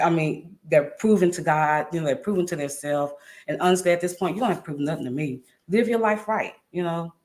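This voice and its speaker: Earnest woman telling her own story. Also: low voice. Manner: earnest, emphatic, repeats phrases for weight. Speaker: guest. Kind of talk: candid personal storytelling.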